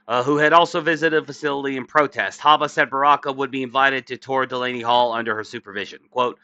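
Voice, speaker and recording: A worn-out man delivers crude, sarcastic political commentary, reading news items aloud and tripping over the words with lots of uhs. His voice is very bright and sharp in tone. The recording is dry and a bit dull, like a cheap home mic. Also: mid-range voice, dry recording. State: tired, yawning. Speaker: political commentary channel host.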